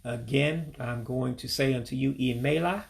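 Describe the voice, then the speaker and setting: A middle-aged man giving a casual home-recorded language lesson, saying each word slowly and repeating it for practice. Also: mid-range voice, gravelly. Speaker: language learner teaching vocabulary. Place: back room at home.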